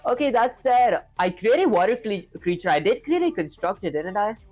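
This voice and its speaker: A man's voice: sits high, big pitch swings, normal speed, a little mellow. Chatty young man with an Indian accent. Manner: chatty, talks through each step, keeps addressing viewers as guys. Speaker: coding streamer. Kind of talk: live coding stream, thinking aloud and answering chat.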